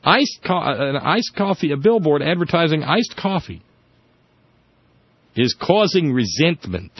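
A man's voice: a little high, huge pitch swings, measured pace, breathy edge, no echo. A man hosting a casual political chat show, sardonic and rambling, with many restarts. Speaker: podcast host. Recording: dull lo-fi dry audio.

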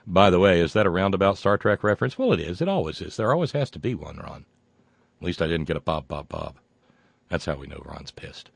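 A man's voice: low-pitched, very animated, a little fast, gravelly, slightly rough, no room sound. Wry older American man, dry close mic. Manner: wry, digressive, reads letters aloud with asides. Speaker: show host reading listener mail. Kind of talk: casual talk show.

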